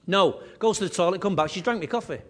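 A man preaching a sermon as pastor, animated and repetitive, with conversational asides. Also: sits high, very fast, a little hiss or hum. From England.

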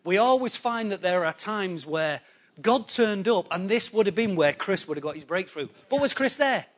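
A man preaching a sermon to a congregation, animated and conversational, acting out people's excuses in quick quoted voices. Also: high-pitched. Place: church hall before a congregation.

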